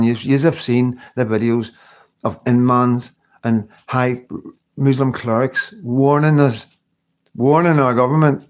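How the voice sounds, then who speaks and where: A middle-aged man from the UK, hosting a live stream, speaks to viewers in a medium-pitched, slightly mellow voice. Earnest and emotional, he rambles along and keeps restarting what he's saying.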